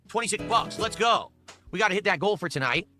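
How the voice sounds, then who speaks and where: A man's voice: high voice, animated, moderate pace, pushed and bright, faint music behind. A man streaming live, talking straight to his chat and pleading over and over for support and tips. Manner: pleading, repetitive asking for support. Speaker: streamer in a played clip.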